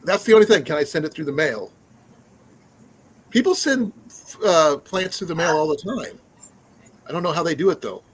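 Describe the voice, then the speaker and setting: A man's voice: a little high, expressive, moderate pace, long pauses, husky, low-quality recording. A man hosting a casual live stream, chatting in a rambling way with many fillers and restarts. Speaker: livestream host.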